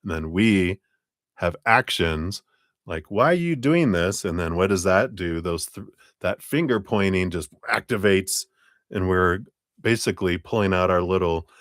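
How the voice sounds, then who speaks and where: A man's voice: low voice, steady tone, unhurried, a bit bright, no echo, clean studio sound. A man giving a live tarot reading, talking in a reflective, coaching way with fillers and restarts. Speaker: tarot reader.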